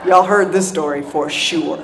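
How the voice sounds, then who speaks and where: A woman giving a humorous recovery talk to an audience, animated and self-mocking, laughing often and checking in with "right?". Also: low-pitched, measured pace, a little hiss or hum. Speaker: speaker sharing a recovery story.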